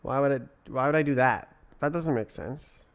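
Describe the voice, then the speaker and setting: A man's voice: medium pitch, moderate pace, clear, resonant tone. A young British man live-coding on stream, thinking aloud in a casual, puzzled way and answering his chat between mutters to himself. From Britain.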